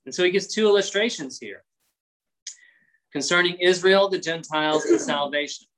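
A man's voice: high voice, fairly quick, fairly bright tone, poor audio. Guy preaching a bible sermon, chatty, reads verses then explains, does little voices sometimes. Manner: conversational preaching with acted-out voices. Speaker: pastor. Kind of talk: expository sermon.

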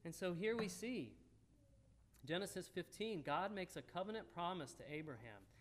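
High-voiced man preaching a conversational sermon. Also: fairly bright tone. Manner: folksy, talks straight to the congregation.

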